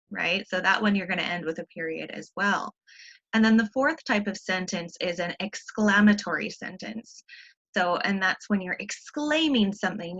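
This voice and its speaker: A woman's voice: medium pitch, fairly bright tone, lo-fi sound. Patient woman teaching a grammar lesson. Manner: patient, step-by-step explaining with frequent ums. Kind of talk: recorded online grammar lesson.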